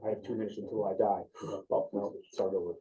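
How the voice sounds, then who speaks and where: A man leads an EMT class in a relaxed, informal way, questioning his students as he goes. His voice is dark and mellow. He is picked up from a distance in a classroom on a dull, lo-fi recording. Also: on the low side, quick pace. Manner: casual, asks the class questions. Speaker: EMT instructor.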